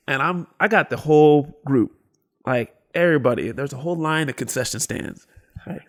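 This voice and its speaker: A man in his thirties with a gravelly, fry-heavy voice sits in as a podcast co-host. He tells stories in a casual, animated way, whispering some quoted lines and shouting others as he acts them out. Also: medium pitch, moderate pace. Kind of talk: casual storytelling chat.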